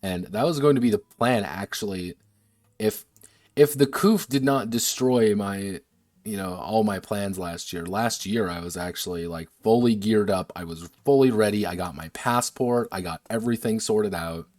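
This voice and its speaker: Rambling, low-voiced man. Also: normal speed, a little mellow, no room sound, studio quality. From United States. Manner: rambling, swears freely, laughs often. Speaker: game designer streaming a workshop. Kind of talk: casual stream chat.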